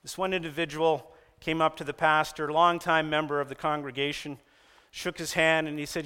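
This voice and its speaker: A man preaching a sermon, telling stories with animated delivery and raising his voice for quoted lines. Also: normal speed, clean tone. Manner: animated storytelling, raises pitch for quoted lines. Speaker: pastor. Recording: long reverb of a church hall.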